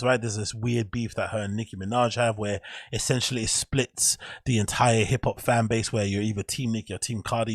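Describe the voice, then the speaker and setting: A man's voice: mid-range voice, no echo. A man hosting a solo podcast, giving rambling, opinionated commentary. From England. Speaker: show host.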